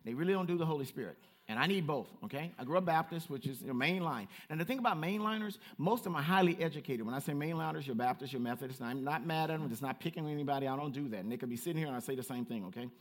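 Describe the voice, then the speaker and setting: A man with a high, light voice preaches to his congregation in an animated, playful way. He swings from quiet, reflective stretches to bright, teasing call-outs, with a Southern Black way of speaking. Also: very fast, few pauses. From United States. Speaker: pastor. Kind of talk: sermon.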